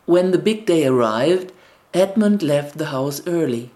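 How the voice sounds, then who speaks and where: Woman, deep voice, gentle storybook narration, scripted fairy tale reading. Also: expressive, a little slow. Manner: gentle storybook reading with quoted family dialogue.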